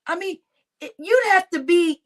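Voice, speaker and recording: A woman's voice: very high voice, normal speed. A woman YouTube commentator giving casual gossip commentary, laughing often, swearing freely and repeating her phrases.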